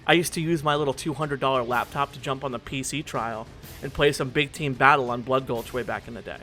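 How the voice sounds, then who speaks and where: A man's voice: mid-range voice, fairly quick, pushed and bright, soft background music. A man in his twenties narrating a scripted video essay in an earnest, reflective way.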